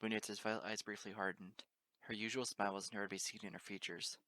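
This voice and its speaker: A man's voice: lowish voice, flat delivery, fast, bright, forceful tone. A man reading a fan story aloud as narrator, in plain storytelling. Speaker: reader. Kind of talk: amateur audiobook narration.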